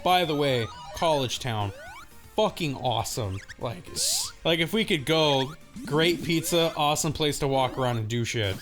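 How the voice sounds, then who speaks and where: Over music, a young man speaks at normal speed in a slightly high voice with huge swings in pitch. He co-hosts a gaming channel and, mid-game, rambles through a story while laughing and performing the other characters' voices.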